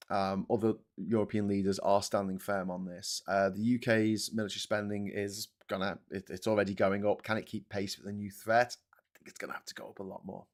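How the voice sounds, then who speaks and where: A man in his forties with a Scouse accent, hosting a casual live-stream and ranting with heavy swearing. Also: fairly low pitch. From Liverpool, England. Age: 40s. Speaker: host.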